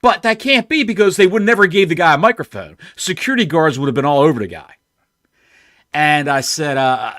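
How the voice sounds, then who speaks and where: A man's voice: a little high, fairly quick, a bit bright, dry recording, clean studio sound. A man co-hosting a wrestling podcast, thinking aloud and asking questions. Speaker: podcast co-host. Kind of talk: casual chat.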